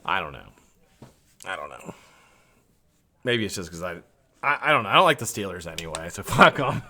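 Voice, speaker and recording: A man's voice: deep voice, very animated, moderate pace, sharp tone. A tired, yawning man hosting a live stream, rambling casually with frequent swearing and laughter.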